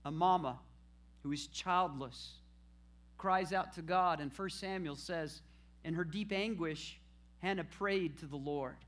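A man's voice: a little high, unhurried. A man preaching a sermon, asking the congregation questions and answering them himself. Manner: call-and-response preaching, rising to shouted praise at the end.

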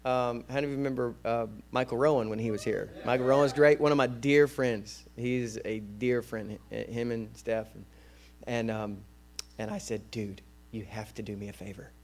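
A man preaching a sermon as a guest preacher, energetic and conversational, often repeating words as he restarts. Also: medium pitch, moderate pace, a little hiss or hum.

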